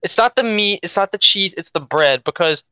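A man's voice: sits high, moderate pace, smooth, no room sound. Young man with a Philadelphia accent. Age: young adult. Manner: relaxed, repeats words while thinking. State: jet lagged. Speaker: esports player guest. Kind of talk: casual interview.

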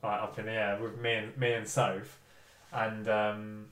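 A man's voice: fairly low pitch, flat delivery, measured pace, a bit bright, distant mic. A man co-hosting a football podcast, telling a story in casual chat with lots of fillers and restarts. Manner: hesitant, many fillers and restarts. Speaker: podcast co-host. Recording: echoey room, voice a bit off-mic.

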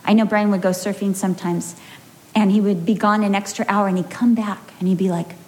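A woman Bible teacher giving a sermon, animated and telling stories with acted-out quotes. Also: mid-range voice, a little fast.

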